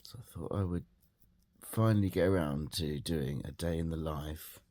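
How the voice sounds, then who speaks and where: A man talking to camera in a casual vlog, quiet and measured. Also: very deep voice. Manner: baby talk to his dog, excited and loud. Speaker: vlogger.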